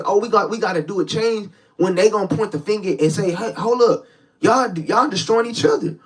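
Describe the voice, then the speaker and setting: A man's voice: high voice, distant mic, poor audio. A young man hosting a live reaction stream as a street preacher, talking in a slangy casual way, repeating words and addressing the chat directly. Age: young adult.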